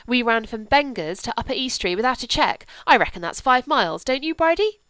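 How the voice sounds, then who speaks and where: A woman voicing a blunt, lively young girl who talks eagerly and exclaims a lot. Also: on the high side, fairly quick, clear, resonant tone, dry recording, voice pushed up. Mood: excited.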